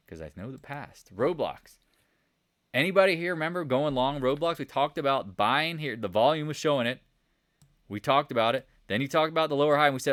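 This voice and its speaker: A man giving a casual, joking stock market recap over charts, animated and rambling, with sound effects. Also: medium pitch, brisk, no room sound, studio quality. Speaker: market commentator.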